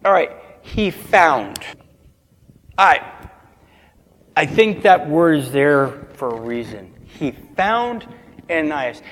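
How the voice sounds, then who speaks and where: A man's voice: a little high, big pitch swings, takes it slowly, long pauses, a bit bright, big-room sound. A man preaching a sermon as pastor, asking the congregation call-and-response questions.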